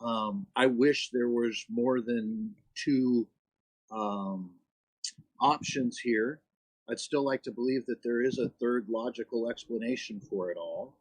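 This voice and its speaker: A man calling in to a live talk show, speaking earnestly and hesitantly with many pauses. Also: medium pitch, no echo, poor audio. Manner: hesitant, lots of ums, earnest. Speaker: caller. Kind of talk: call-in conversation.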